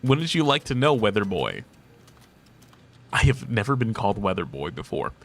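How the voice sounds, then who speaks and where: A man's voice: lowish voice, very animated, moderate pace. A man in his thirties streaming casually, reading chat aloud, playful and teasing, laughing often.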